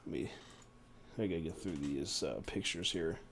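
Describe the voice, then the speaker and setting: A man's voice: deep voice, moderate pace, slight background noise. A man hosting a podcast, reading book passages aloud and adding casual asides with fillers. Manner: reads passages aloud, doing the quoted voices, with fillers and asides. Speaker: podcast host.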